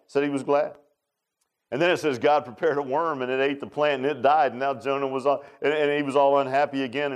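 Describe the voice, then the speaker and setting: A man preaching a sermon, folksy and animated, swinging from loud emphatic lines to low quiet ones.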